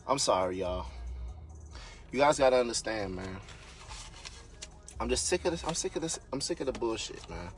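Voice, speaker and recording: A man on a live stream, a real estate investor and business coach giving an unscripted, fired-up motivational rant, yelling and swearing bluntly. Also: medium pitch, animated, moderate pace, pauses often, faint music behind. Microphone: phone or webcam on a social media live stream.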